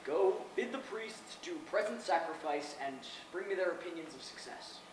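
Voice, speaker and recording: Playing Caesar, the proud and defiant Roman ruler, in an outdoor stage play, a man declaims boastfully and refers to himself by name. His voice is high-pitched and animated, at a moderate pace. Picked up by a far camera, the open-air recording sounds distant, echoey and noisy.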